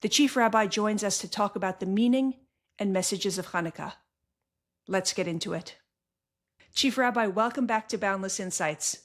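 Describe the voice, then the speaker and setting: A woman's voice: mid-range voice, moderate pace. A woman hosting an interview podcast who reads a scripted intro and asks earnest, enthusiastic questions. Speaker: podcast host.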